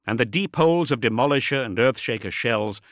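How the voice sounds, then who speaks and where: A man reading a story aloud as scripted narration, with an expressive, dramatic delivery. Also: mid-range voice, a little fast, dry recording, studio quality. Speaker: audiobook narrator.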